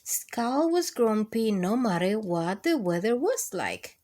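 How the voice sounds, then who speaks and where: A woman reading picture books aloud to children as a storyteller, expressive and playful, adding roars and sound effects. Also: mid-range voice, takes it slowly, few pauses.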